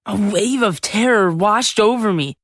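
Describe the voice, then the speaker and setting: A woman playing a seventh-grade boy who narrates his own story in a full-cast audiobook, lively and chatty with sudden yells. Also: mid-range voice, a little slow, dry recording, natural voice. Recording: dry close studio sound.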